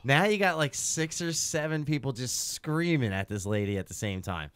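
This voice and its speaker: A man in his thirties co-hosts a podcast and tells a story full of swearing. His voice is smooth and clear and sits at a middling pitch. The sound is dry and close on a studio mic. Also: brisk, few pauses, no echo. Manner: animated, profane, swings between loud outbursts and low asides. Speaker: podcast co-host. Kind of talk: casual storytelling chat.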